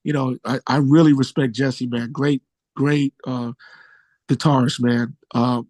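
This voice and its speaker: A man who is a musician guest, telling stories in a relaxed, slangy way and jumping high in pitch when excited. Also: a little slow, no echo. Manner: animated storyteller, jumps high when excited. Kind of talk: casual storytelling interview.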